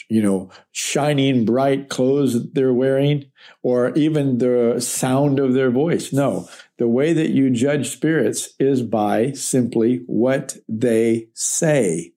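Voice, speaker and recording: A man's voice: mid-range voice, dark tone. A man teaching through a Bible letter verse by verse, in a conversational, explanatory way. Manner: conversational, explanatory, checks in with okay.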